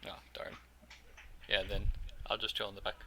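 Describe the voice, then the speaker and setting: A man's voice: on the low side, completely flat delivery, moderate pace, bright, forceful tone, a little hiss or hum. A man playing a tabletop game, talking casually and stumbling a little over his words. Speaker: player.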